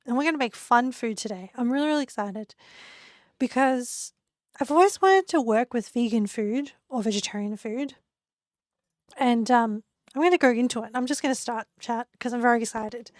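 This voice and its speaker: A young woman streaming from home, talking casually to her chat with a hoarse, squeaky voice she says she is losing, rambling and laughing often. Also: no room sound, studio quality. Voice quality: squeaky, creaky voice. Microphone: desk mic.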